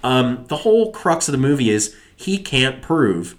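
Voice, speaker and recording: A man's voice: medium pitch, big pitch swings, unhurried. A married man co-hosting a podcast, ranting about a film in exasperated, profane casual chat. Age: adult, married. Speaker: podcast co-host.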